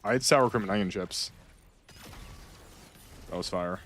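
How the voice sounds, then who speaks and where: A man's voice: on the low side, unhurried. Rambling man chatting while gaming. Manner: rambling, repeats himself, loud outbursts. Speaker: gaming streamer. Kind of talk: casual gameplay chat.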